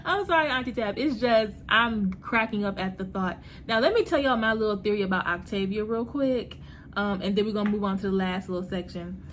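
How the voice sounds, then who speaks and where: Animated woman chatting in a TV recap vlog. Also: medium pitch, a little fast, a little hiss or hum. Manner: chatty and animated, slangy, laughs often. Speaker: host reviewing a TV series.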